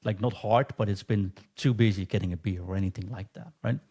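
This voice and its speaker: A man's voice: on the low side, fairly quick, dark tone, slightly rough. Dutch-born man telling stories in casual chat. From Netherlands. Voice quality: chatty storyteller, acts out quoted exchanges. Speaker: podcast co-host.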